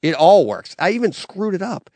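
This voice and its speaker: A man's voice: sits high, big pitch swings, moderate pace, darkish tone, dry recording. A man hosting a podcast in casual chat, rambling and laughing, with frequent restarts. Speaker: podcast host.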